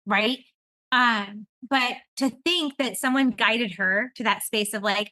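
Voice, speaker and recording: Chatty woman podcast host, bright, dry sound. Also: on the high side, slow pace, no room sound. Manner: rambling and animated, with frequent laughter. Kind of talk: casual conversational podcast chat.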